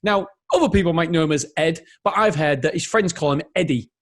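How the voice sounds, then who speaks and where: A man in his thirties delivers a motivational podcast monologue on his own. His voice sits a little high for a man, and he talks with energy. He rambles and keeps breaking off to correct himself. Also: brisk. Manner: energetic, rambling, self-interrupting. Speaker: podcast host.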